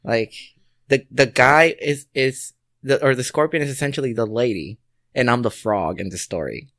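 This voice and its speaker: A man's voice: mid-range voice, moderate pace, no room sound, studio quality. A man co-hosting a podcast, chatting casually, joking and swearing freely. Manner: lively, profane, joking. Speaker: podcast co-host. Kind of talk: casual chat.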